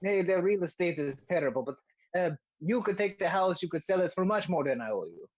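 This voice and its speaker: A man's voice: high-pitched, expressive, a little fast, lo-fi sound, pitched above the performer's own voice. Man doing a stammering hammy Italian-ish adventurer. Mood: flustered. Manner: hammy put-on Italian accent; stammering, many hesitations.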